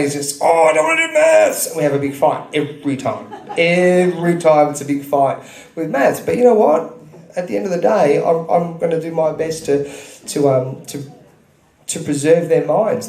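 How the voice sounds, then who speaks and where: A man's voice: a little high, darkish tone. A man in his thirties giving an earnest, preachy speech to an audience at a club, telling stories. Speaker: speaker at a public gathering. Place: club function room. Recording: echoey hall.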